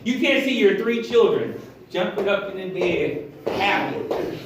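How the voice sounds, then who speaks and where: A man preaching a lively, animated sermon as pastor of a church, acting out voices as he goes. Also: high-pitched, a little slow, noisy background. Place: church hall. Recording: echoey hall, heard from far.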